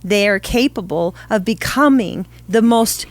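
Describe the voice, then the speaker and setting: A woman's voice: mid-range voice, measured pace, no echo. A woman co-hosting a podcast who talks earnestly and affirmingly, with restarts and fillers as she works out her thoughts. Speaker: podcast co-host. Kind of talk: casual podcast chat.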